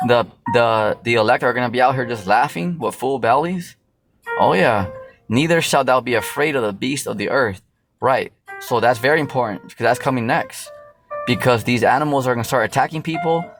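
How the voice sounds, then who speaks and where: Profane, casual man preaching scripture. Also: mid-range voice. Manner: loose and profane, full of fillers and "you know". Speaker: street preacher. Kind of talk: casual Bible teaching.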